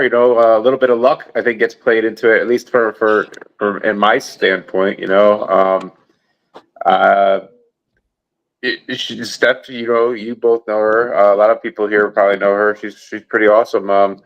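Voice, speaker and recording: A man co-hosting a podcast, talking in a halting, reflective way. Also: fairly low pitch, fairly even intonation, lo-fi sound. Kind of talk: casual chat.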